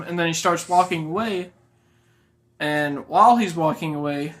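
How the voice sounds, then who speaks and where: Man storyteller, bright tone, rambling, filler-heavy comic improv. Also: on the high side, moderate pace. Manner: rambling, many fillers, laughs at own story.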